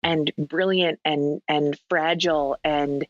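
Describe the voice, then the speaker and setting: A woman's voice: low-pitched, fairly even intonation, slow pace, no room sound, muffled recording. A woman from Minnesota, a podcast guest, talking candidly and rambling in a casual phone conversation, laughing easily.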